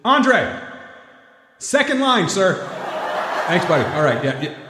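A man's voice: sits high, very animated, takes it slowly, bright, forceful tone, echoey room, in a large hall. A man co-hosting a podcast, chatting casually and joking about his movie award picks. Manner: joking, self-mocking banter. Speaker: podcast co-host.

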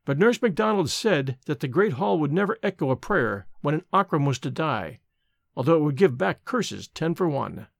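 A man narrating a gothic story in an expressive, measured storytelling manner. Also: a little high, creaky, dry recording, clean studio sound.

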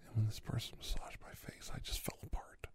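A man hosting an ASMR podcast in a whispered role-play, rambling softly between a low voice and a whisper, recorded close in a quiet room. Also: brisk. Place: quiet room near railway tracks.

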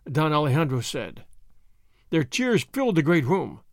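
A man narrating an adventure audiobook in a clear, expressive way. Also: fairly high pitch, normal speed, dry recording, studio quality.

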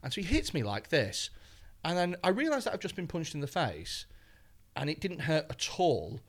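A man, a comedian guest telling an anecdote in an animated, expletive-laden way on a podcast. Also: on the high side, moderate pace.

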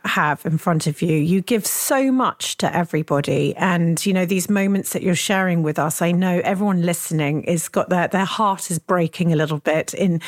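Podcast host lady, gushy, lowish voice, dead dry recording. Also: dry recording. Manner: effusive, stumbling over words. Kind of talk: podcast interview.

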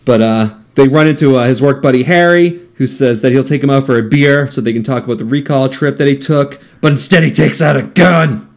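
A man's voice: medium pitch, a little fast, hardly any pauses, darkish tone. A man casually recapping a film's plot for friends, joking and laughing mid-sentence. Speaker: podcast co-host recapping a film.

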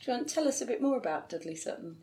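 A woman's voice: fairly high pitch, expressive, very fast, warm tone. A woman interviewing an actor, encouraging him with frequent agreement and laughter. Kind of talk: interview chat.

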